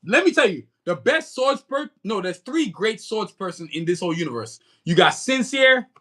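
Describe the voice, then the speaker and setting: Guy on a livestream, american accent going a bit nigerian, high bright voice, chatty and slangy. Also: sing-song, moderate pace. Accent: American with a Nigerian touch. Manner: slangy, rambling, keeps saying "you know what I'm saying". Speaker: livestream host and comic creator. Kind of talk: casual livestream chat.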